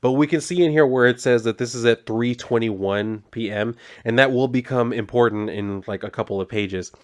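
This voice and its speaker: A young man giving a casual comic book review, rambling and relaxed with plenty of fillers. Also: mid-range voice, normal speed.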